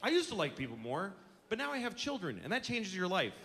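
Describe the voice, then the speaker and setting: A man in his forties doing a grumpy stand-up rant that swerves between loud outbursts and low mumbled asides. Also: huge pitch swings, fairly quick. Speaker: stand-up comedian. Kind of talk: stand-up routine. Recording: noisy ambience behind.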